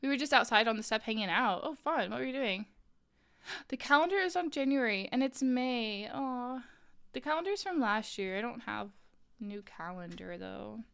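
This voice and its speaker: A woman's voice: a little high, expressive, normal speed, creaky, fairly bright tone, smooth. A woman streamer chatting casually with viewers while crocheting, talking in an incredulous way, laughing often and filling her talk with "like".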